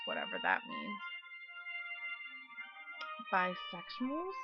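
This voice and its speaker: Gravelly woman reading a game aloud. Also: fairly low pitch, normal speed. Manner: chatty, wry asides between read lines. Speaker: let's play gamer reading a visual novel aloud. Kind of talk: reading game text aloud with casual commentary. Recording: dull recording with game music.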